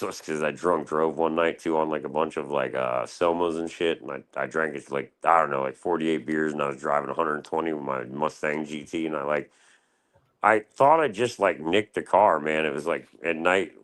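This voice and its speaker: A man's voice: very deep voice, a bit bright. A man from Florida casually telling crude, profane stories on a livestream panel, jumping into a raised voice to act out what others said. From Florida, USA. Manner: crude, heavily profane, acts out quotes in a raised voice. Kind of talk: casual storytelling.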